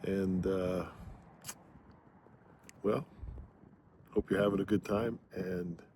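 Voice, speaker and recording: Man, low voice, slow musing wilderness vlogger, faint outdoor ambience. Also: fairly even intonation, darkish tone, slight background noise. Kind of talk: reflective outdoor vlog narration. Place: outdoors in the woods.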